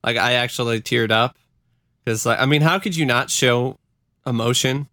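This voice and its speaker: A man's voice: mid-range voice, normal speed, pushed and bright, no room sound, studio quality. Earnest man in casual chat. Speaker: podcast co-host.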